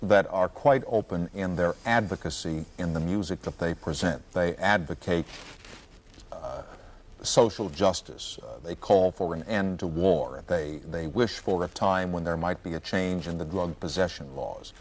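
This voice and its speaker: Man, TV talk show host, very low voice, measured, probing questions. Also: a little hiss or hum. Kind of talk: television interview.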